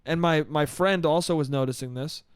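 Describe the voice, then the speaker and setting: A man's voice: a little high, moderate pace, clear, resonant tone, no echo, studio quality. A man hosting a solo comedy podcast, telling a story in an exasperated, profane way and saying "dude" often. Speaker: podcast host. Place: New York.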